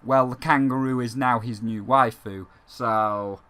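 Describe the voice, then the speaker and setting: A gaming channel host gives casual vlog commentary in a medium-pitched, steady voice that's a little slow, pushed and bright, with a clean tone. He rambles and jokes, swears freely, and talks as a dragon persona.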